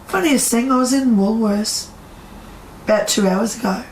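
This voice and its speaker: A chatty woman with a slightly high voice, talking to a live audience as a psychic medium. She acts out the people she quotes and puts questions to the crowd. Her voice echoes in the room over a faint hum. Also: moderate pace, darkish tone. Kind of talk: storytelling talk to a live audience.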